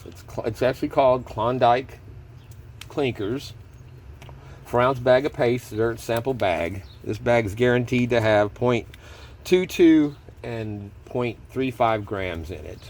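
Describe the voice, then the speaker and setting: A man's voice: medium pitch, measured pace, a little mellow, a little hiss or hum. A man chatting casually and rambling as he hosts a gold prospecting video at his table. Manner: rambling, self-correcting, chuckles often. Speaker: gold prospecting hobby host. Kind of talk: casual chat. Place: table at home.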